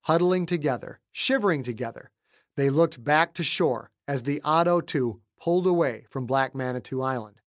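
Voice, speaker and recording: A man narrating his own thriller audiobook in a dramatic scripted style, shifting between hushed lines and shouted dialogue, recorded on a close studio mic. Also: mid-range voice, moderate pace, dry recording. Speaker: author and narrator.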